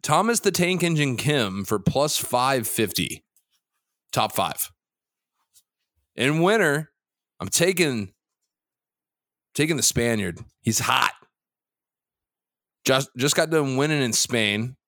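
Brief: cocky male podcast co-host, swears freely, ribs his partner, animated swings in pitch, dry sound. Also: slow pace, pauses often, no room sound. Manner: loose, profane, teasing, jumps between topics. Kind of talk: casual sports betting chat.

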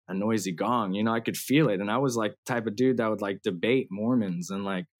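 Laughing, slang-heavy man with a low voice. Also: a little fast. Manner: laughs often, fillers and slang. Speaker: guest musician. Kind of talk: casual interview storytelling.

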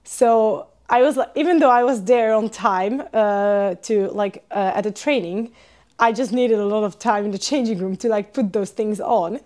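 A young woman from Hungary, a podcast guest telling stories in casual chat, animated and full of fillers. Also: medium pitch, normal speed. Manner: animated storyteller, many fillers and laughs.

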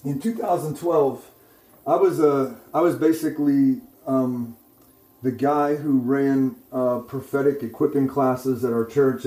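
A male preacher telling a personal testimony in a sermon, checking in with the listeners through frequent "okay?" and "right?" asides and growing loud and excited as the story builds. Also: medium pitch. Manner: grows loud and excited while retelling. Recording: echoey room.

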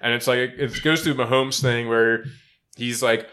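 A man with a bright, forward voice riffs through a casual sports chat. He laughs often and swears freely while he tells his stories. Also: medium pitch, normal speed. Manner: laughing, swearing, animated storytelling. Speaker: podcast co-host.

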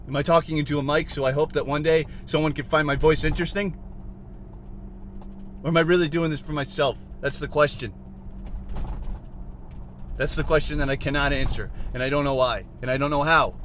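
A man hosting a solo podcast from inside a car, rambling and questioning himself, swinging from mutters to shouts. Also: on the high side, a little hiss or hum. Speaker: podcast host.

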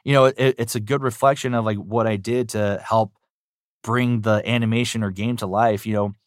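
A male voice actor answering interview questions in an upbeat, animated way, often saying "you know". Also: on the low side, moderate pace, no room sound, studio quality. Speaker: voice actor guest.

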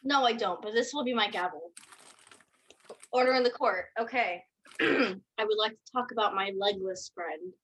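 A woman's voice: medium pitch, moderate pace, fairly bright tone, breathy edge, poor audio. A young woman co-hosting a casual podcast chat, playful and rambling with frequent laughs. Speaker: podcast co-host.

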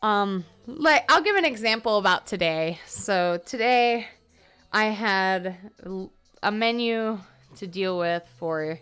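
A tired young woman hosts a casual solo podcast, talking through her workday and drifting off topic, interrupting herself with lots of fillers. Her mid-range voice is clear and resonant, with a slightly bright tone.

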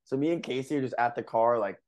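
A man's voice: medium pitch, fast talker, darkish tone. A young man on a podcast telling a story in a casual, rambling way, full of fillers and laughs. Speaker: podcast co-host.

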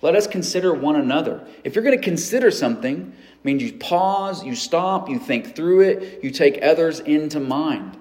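A male pastor, his voice sitting a little high, preaches to his congregation in an easygoing, conversational way. He leans on homely examples and often restarts his phrases as he goes. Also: animated, normal speed, a little mellow. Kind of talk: sermon.

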